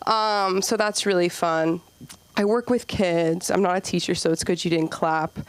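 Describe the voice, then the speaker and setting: A woman in her twenties doing a rambling stand-up set at an open mic, acting out kids in squeaky voices. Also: steady tone, moderate pace, no echo. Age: 20s. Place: comedy club stage.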